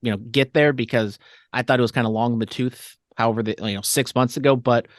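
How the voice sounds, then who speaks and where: A man's voice: medium pitch, fairly even intonation, fast, no echo, studio quality. A man co-hosting a wrestling podcast in casual chat, teasing and giving long-winded analysis. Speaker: podcast co-host.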